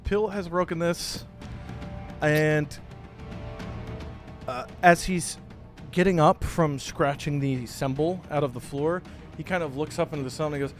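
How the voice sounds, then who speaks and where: A man narrating a tabletop game as game master, with animated storytelling. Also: on the high side, unhurried, long pauses, soft background music.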